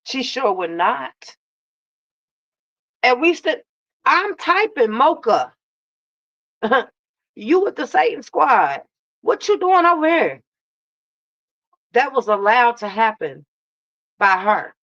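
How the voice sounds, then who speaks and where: Slow, sassy woman doing reaction commentary. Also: a little high, big pitch swings, a bit bright, dry recording, dull audio. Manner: drawling, sassy, addresses chat as baby and love. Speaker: reaction channel host. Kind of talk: casual live reaction commentary.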